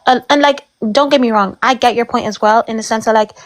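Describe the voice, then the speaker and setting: A woman's voice: a little high, fast talker. A woman on a panel in a heated debate, trying to see both sides and leaning on "like" as she talks. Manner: conciliatory, sees both sides, many "like" fillers. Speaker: panel guest.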